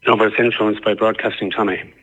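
A man's voice: lowish voice, flat delivery, fast, fairly bright tone, slightly rough. An Irish man calling in to a radio show, earnest and hesitant, with many ums as he makes his case. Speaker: radio caller. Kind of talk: phone-in opinion. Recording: tinny phone line.

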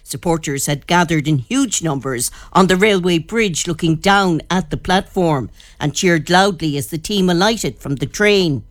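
A woman's voice: on the low side, a little slow, few pauses, no room sound. Woman news reporter, dry sound. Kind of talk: news report and interview questions.

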